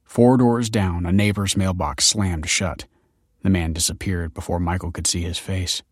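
Brief: male audiobook narrator, low pitch, dry close sound, even delivery. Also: moderate pace, no room sound. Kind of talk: scripted narration.

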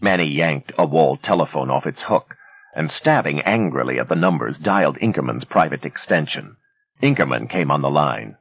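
A man narrating a thriller with a dramatic, expressive reading. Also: extremely low pitch, moderate pace, creaky, slightly rough, no echo, dull audio. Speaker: audiobook narrator. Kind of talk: scripted narration.

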